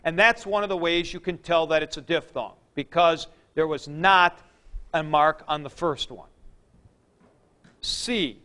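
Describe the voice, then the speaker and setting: A man's voice: fairly high pitch, measured pace, pushed and bright, clear, resonant tone. A man lecturing a class on Greek accent rules, with chatty asides and jokes to his students. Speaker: Greek teacher.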